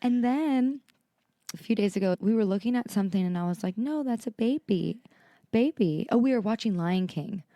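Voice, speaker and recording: A young adult woman co-hosting a podcast, chatting casually and telling animated stories about her toddler. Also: medium pitch, fairly quick, no room sound. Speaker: podcast co-host. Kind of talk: casual chat.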